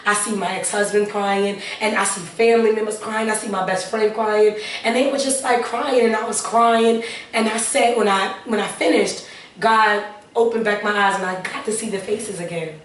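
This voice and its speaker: With a medium-pitched voice and fairly even intonation, the woman shares her personal testimony at a normal speed, earnestly and with prayerful asides and repetition. She's being interviewed as a guest, captured from a distance and a little off-mic, with an echoey room and some faint noise behind her.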